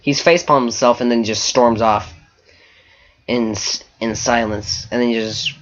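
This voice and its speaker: A man's voice: medium pitch, steady tone, measured pace, muffled recording. Rambling man retelling a game story. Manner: rambling, full of "like" fillers and restarts. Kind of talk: casual spoken storytelling.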